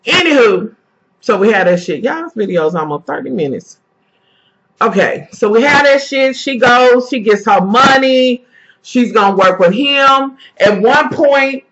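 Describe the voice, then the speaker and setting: A woman vlogger giving a casual, heavily profane, indignant episode recap, talking to her viewers as "y'all.". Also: mid-range voice. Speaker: vlogger reviewing a TV series. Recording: dull lo-fi recording.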